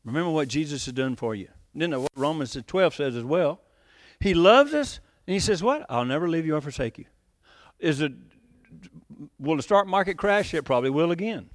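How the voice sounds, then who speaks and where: A pastor with a high, light voice preaches a folksy, conversational sermon. He keeps asking the congregation questions and chuckles as he goes, and his voice sits close and dry with no room sound around it. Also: expressive, moderate pace, dry recording. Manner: conversational, laughs often, asks the congregation questions.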